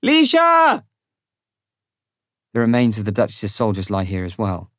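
A man narrating a fantasy audiobook in the first person, with a measured, sombre reading on a close studio mic. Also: fairly low pitch, a little mellow, dry recording.

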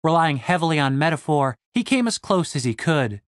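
A man narrating an audiobook in a wry, expressive way. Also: fairly high pitch, a little fast, dry recording, clean studio sound.

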